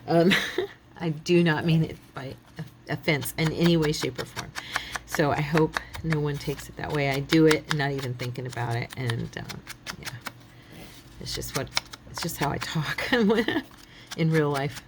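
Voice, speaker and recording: A woman's voice: deep voice, measured pace, noisy background. A middle-aged woman hosting a craft channel, chatting casually and thinking aloud as she works, often laughing. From United States.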